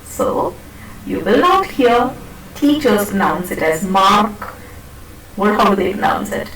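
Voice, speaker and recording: A woman's voice: medium pitch, sing-song, takes it slowly. A woman teaching pronunciation in a classroom lecture, patiently repeating and demonstrating words and checking that students follow. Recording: echoey classroom from a distant mic.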